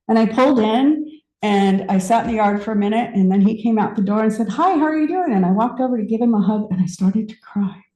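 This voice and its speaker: A woman in her fifties giving a personal story sermon, conversational and reflective, with pauses and restarts. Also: medium pitch, fairly even intonation, warm tone, echoey room, poor audio. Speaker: speaker at a spiritual center.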